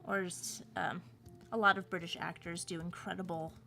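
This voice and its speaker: A woman's voice: fairly low pitch, flat delivery, normal speed, vocal fry, sharp tone, faint music behind. Chatty American woman on a livestream. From United States. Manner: chatty, rambling, playful asides. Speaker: livestream host, voice actor and cartoonist. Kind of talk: casual livestream chat.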